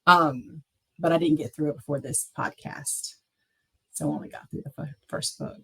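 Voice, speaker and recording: A woman's voice: low-pitched, normal speed, creaky, husky, low-quality recording. A middle-aged woman and mother co-hosting a casual book podcast, telling stories and acting out the dialogue. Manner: animated storyteller, acts out quoted dialogue. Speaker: podcast co-host.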